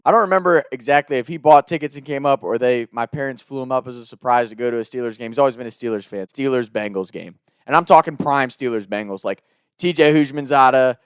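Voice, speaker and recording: A man's voice: medium pitch, clear, resonant tone, no echo, studio quality. A man in his thirties from Ohio and Kentucky, telling a story in a loose, rambling, profane way. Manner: loose, swearing, rambling with "like" fillers.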